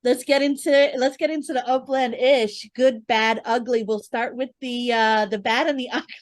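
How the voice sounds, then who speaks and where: A woman's voice: fairly high pitch, fairly even intonation, moderate pace, dry recording. A woman from the Bronx hosting a podcast in casual chat, upbeat and teasing, laughing often. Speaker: podcast host.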